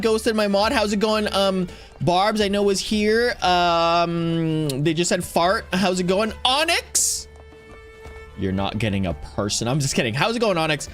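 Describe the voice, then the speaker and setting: A man's voice: high-pitched, a bit bright. A man streaming a video game, chatting casually and rambling while he greets viewers by name. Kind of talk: casual chat while playing.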